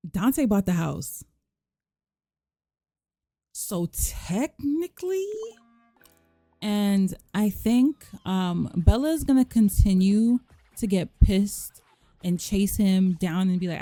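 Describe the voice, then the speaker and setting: Mellow-voiced woman narrating her life-sim game. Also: mid-range voice, slow pace, long pauses, dry recording. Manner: animated, voices characters' lines with sass. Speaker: let's play host. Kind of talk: casual let's play commentary.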